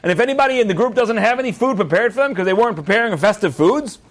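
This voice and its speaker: A man with a very high voice gives an animated class on Jewish texts. He reads each Hebrew verse, translates it line by line and keeps it light with jokes and rhetorical questions. His pitch swings widely. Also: racing. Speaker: rabbi teaching a class. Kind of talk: animated Torah class with humor.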